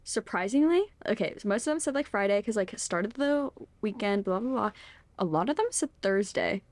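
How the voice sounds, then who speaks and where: A woman's voice: mid-range voice, expressive, fairly quick, a little mellow, dry recording. A woman in her twenties, co-hosting a podcast in casual chat. She tells stories with lots of "like" fillers and laughs often. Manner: chatty storyteller, laughs often, heavy "like" filler. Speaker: podcast co-host.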